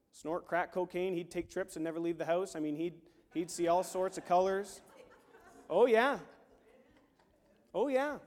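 A man preaching a sermon, telling a story with animated swings from hushed lines to shouts. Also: sits high. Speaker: pastor. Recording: long hall reverb.

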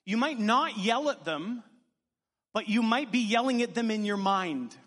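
A male pastor with a high voice delivers a sermon, trading joking asides with his congregation. His words ring out with a long reverb through the church hall. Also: animated, measured pace, a bit bright. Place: church sanctuary.

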